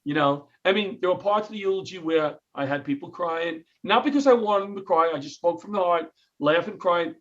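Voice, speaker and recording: A man's voice: sits high, fairly quick, few pauses, highs cut off. A middle-aged man from New York, a comedian and retired firefighter, telling stories in an interview and acting out the lines of the people in them. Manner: animated, jokey storyteller who acts out quotes. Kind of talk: storytelling interview.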